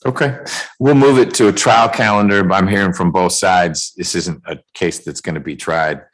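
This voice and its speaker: Deep-voiced guy judge on a video call, measured, dry little jokes. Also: steady tone, rough recording. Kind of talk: remote court calendar hearing.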